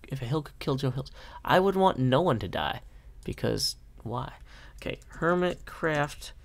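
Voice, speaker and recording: A man's voice: on the high side, no room sound. A man from Nashville chatting casually on a live stream, reading out viewer comments with a self-deprecating, talkative manner. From Nashville, USA. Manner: chatty, self-deprecating, reads chat aloud.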